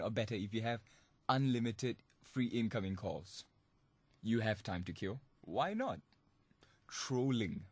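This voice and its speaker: A man's voice: on the low side, darkish tone, husky, dry recording. Playful young man hosting a podcast. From Singapore. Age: young adult. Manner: laughing often, playful and mischievous. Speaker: student radio podcast host. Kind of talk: comic monologue podcast.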